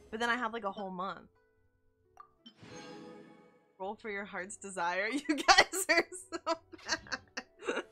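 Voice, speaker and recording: Excitable young woman streaming a game. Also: mid-range voice. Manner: excitable, gushing, squeals and laughs, chats with viewers. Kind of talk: live game-stream chat. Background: game music.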